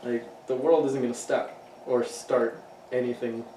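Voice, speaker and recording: A man's voice: medium pitch, level tone, measured pace, mellow. Guy rambling on a podcast, cussing a lot, sounds kinda far from the mic in an echoey room with faint hum. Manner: loose, profane storytelling. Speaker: podcast co-host. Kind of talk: casual chat.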